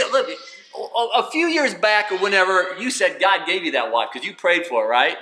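A man preaching a sermon in an animated way, firing rhetorical questions and acting out what people say. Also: sits high, normal speed, roomy sound.

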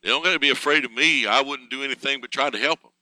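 A man's voice: mid-range voice, rapid-fire, bright, forceful tone, no echo, rough recording. A man preaching a conversational sermon in a folksy, plain-spoken way, chuckling between thoughts.

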